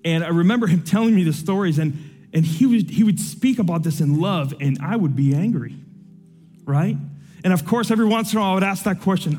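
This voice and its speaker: A young man preaching to his congregation, his voice mellow and set a touch high for a man. He tells a story with lively swings in energy, then drops low and soft to pray. A faint musical instrument plays underneath. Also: fairly quick, faint music behind. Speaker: pastor. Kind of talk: sermon with personal story and prayer.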